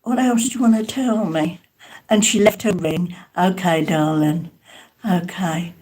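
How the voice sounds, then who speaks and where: A woman's voice: on the low side, measured pace, darkish tone. A woman giving a live spirit mediumship reading, hesitant and calling her listeners darling and sweetheart.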